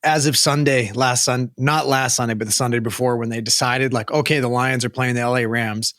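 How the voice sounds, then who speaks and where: A man's voice: medium pitch, steady tone, a little fast, a bit bright, no echo. A young man from Western Canada, co-hosting a podcast and telling a rambling, sweary story in a casual chat, on a close mic. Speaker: podcast co-host.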